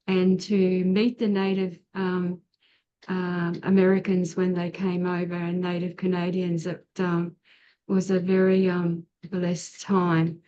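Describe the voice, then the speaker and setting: A woman's voice: mid-range voice, dark tone, dull audio, a little hiss or hum. A woman hosting an online seminar, introducing speakers in an effusive, hesitant way with many fillers. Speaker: seminar host. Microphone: video call.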